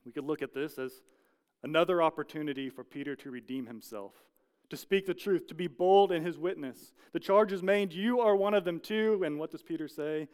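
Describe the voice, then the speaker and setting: A man gives a sermon in an earnest, storytelling manner, slowing down for emphasis. His voice is smooth and resonant and sits a little higher than most men's. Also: darkish tone. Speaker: pastor.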